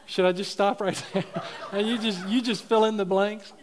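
A man's voice: sits high, steady tone, a little slow, slight background noise. A middle-aged man preaching a sermon, telling funny stories and laughing at his own jokes. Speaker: pastor.

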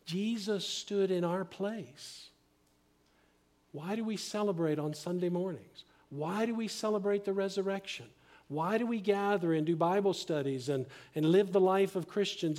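A middle-aged man preaching a sermon as pastor, earnest and emphatic, often dropping to a hushed, slow delivery. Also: high voice.

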